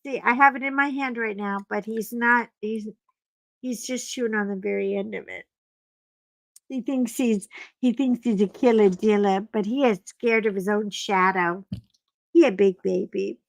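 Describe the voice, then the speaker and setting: At home with a desk mic, a woman hosts a laid-back livestream while she colors, chatting and rambling and pausing to speak to her dogs. Her voice is mid-pitched with vocal fry, at normal speed and with no echo.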